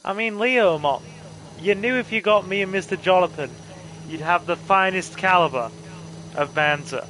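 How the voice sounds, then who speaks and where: A man's voice: sits high, moderate pace, pushed and bright, a little hiss or hum, poor audio. Playful man hosting a game stream. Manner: playful, wry, reads chat aloud. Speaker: channel host. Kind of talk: casual gaming commentary.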